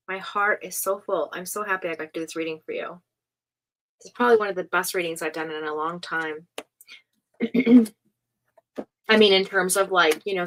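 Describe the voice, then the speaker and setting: A woman's voice: fairly low pitch, sharp tone, slight background noise, poor audio. A woman doing a casual live-stream tarot reading, chatty and gushing with lots of fillers. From United States. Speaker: tarot reader.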